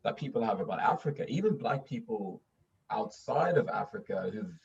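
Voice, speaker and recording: A man from Sweden chatting casually in an animated way, often repeating himself and laughing through his stories. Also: fairly low pitch, normal speed, gravelly, slight background noise. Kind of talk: casual conversation. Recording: distant, dull lo-fi mic.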